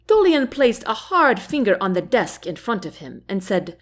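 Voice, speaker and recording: A woman narrating a fantasy novel chapter as an audiobook host, in a gentle, unhurried reading. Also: mid-range voice, very animated. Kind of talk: storybook narration.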